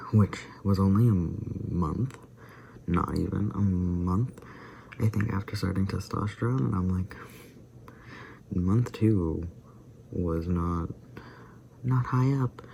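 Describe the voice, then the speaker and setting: A man's voice: sits low, takes it slowly, gravelly, pauses often, dark tone, slight background noise. A man vlogging in casual, rambling chat, laughing often and slipping into whispered asides. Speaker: vlogger doing a daily challenge.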